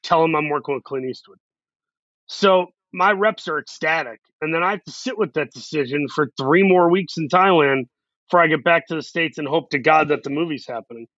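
A male actor being interviewed, telling a story in an animated way and acting out the quotes. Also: a little high, dry recording. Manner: animated, acts out quotes in quick voices. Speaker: actor guest. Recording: dull lo-fi sound.

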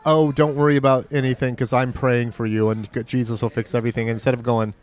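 A man's voice: mid-range voice, level tone, fast. A middle-aged man co-hosting a casual podcast chat, telling stories bluntly and with profanity. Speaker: podcast co-host.

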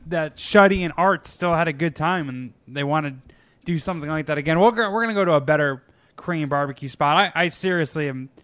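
A man's voice: a little high, a bit bright, no echo. A man hosting a casual podcast, swearing freely, laughing often and restarting his sentences. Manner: profane, laughs easily, stumbles and restarts. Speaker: podcast host.

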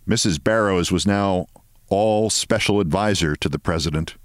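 A male podcast host reading a short story aloud with expressive storytelling. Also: low voice, normal speed, dry recording, clean studio sound. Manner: expressive storytelling, shifting voices.

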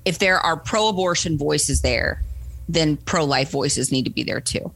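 A woman's voice: low voice, a little slow, vocal fry, soft background music. A woman guest telling a story in a casual interview, acting out the voices of people she quotes and often asking "right?". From United States. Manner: animated, acts out quoted voices, frequent "right?". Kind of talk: conversational storytelling.

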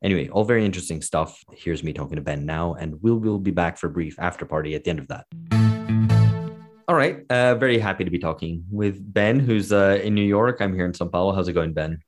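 A man hosting a podcast in casual chat, relaxed and hesitant with many fillers, speaking over a remote call. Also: deep voice, fast, faint music behind. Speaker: podcast host.

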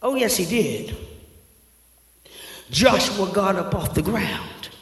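Brief: high, bright-toned male preacher, fervent and shouting, in an echoey church hall. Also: expressive, takes it slowly. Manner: fervent, shouting, slangy storytelling. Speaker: pastor. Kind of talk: sermon. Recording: echoey hall with long reverb.

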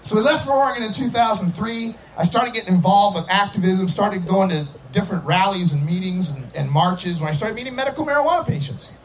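Man, middle-aged, from Idaho, high animated voice, storytelling, faint outdoor ambience. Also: fast talker, hardly any pauses, a little hiss or hum, rough recording. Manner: lively, acts out quotes with big pitch swings. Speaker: cannabis activist speaker.

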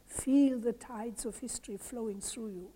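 A woman's voice: a little high, moderate pace, mellow, husky. A woman reading as a marveling old Frenchman. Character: gentle, wonder-filled old Frenchman.

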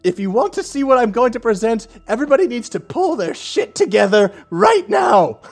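A man voicing a flustered, panicky man in a tabletop game, high and squeaky, yelling for order. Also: sing-song, normal speed, soft background music, heavily acted. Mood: shouting orders.

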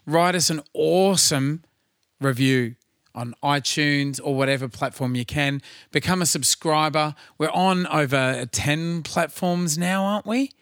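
An effusive man co-hosting a podcast, upbeat and full of praise. His voice is fairly high for a man and dry, close to the mic. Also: a little slow, fairly bright tone, clean tone, no echo. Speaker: podcast co-host. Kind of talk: podcast outro and promotion.

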